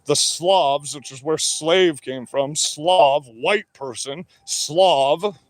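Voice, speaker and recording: A man's voice: a little high, takes it slowly, no echo. A man ranting alone to the camera in a combative, heavily profane monologue. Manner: profane, combative, heavy swearing. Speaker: vlogger. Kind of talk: angry monologue rant.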